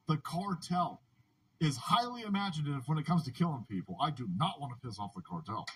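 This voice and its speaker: A man's voice: a little high, sing-song, moderate pace, a bit bright, slightly rough, low-quality recording. A man hosting a political livestream, ranting in a casual, profane way and often laughing. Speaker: livestream host. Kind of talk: casual political commentary stream.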